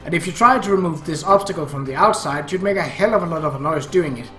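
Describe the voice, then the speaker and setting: A man reads visual novel narration in the first person with dry, wry humor. His voice sits high and bright. The room is echoey and faint music plays underneath. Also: fast. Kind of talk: amateur visual novel reading.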